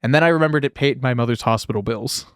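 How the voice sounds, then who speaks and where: A man with a clear, resonant, mid-range voice talks quickly in a dry, studio-quality recording. As co-host of a casual podcast, he reads film history aloud and adds sardonic, wry asides.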